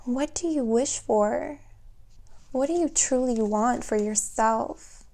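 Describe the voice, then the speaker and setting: A woman's voice: on the high side, takes it slowly, creaky, dark tone. A woman giving a tarot reading, thinking aloud and often exclaiming with emotion. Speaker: tarot reader.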